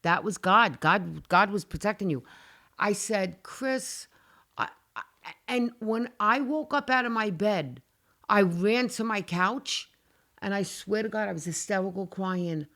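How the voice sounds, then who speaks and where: Woman, middle-aged, guest, animated storytelling, dramatic, casual swearing. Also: mid-range voice, unhurried.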